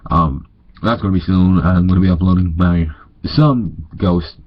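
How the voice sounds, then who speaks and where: Young guy from north dakota, stuffy nose, worn out late at night, reads stuff out loud and keeps fumbling, lowish voice. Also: normal speed, lo-fi sound. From North Dakota, USA. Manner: stumbling, self-correcting reading. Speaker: vlogger reading ghost stories. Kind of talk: casual read-aloud with asides.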